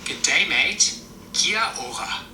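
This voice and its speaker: A man's voice: fairly high pitch, lively intonation, slow pace, bright, forceful tone, slight background noise, heavily acted. A man in his twenties with a German accent, voicing an earnest, rule-loving young German cartoon character. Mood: deadpan. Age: 20s. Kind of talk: comedy cartoon voice acting. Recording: echoey clip with music behind.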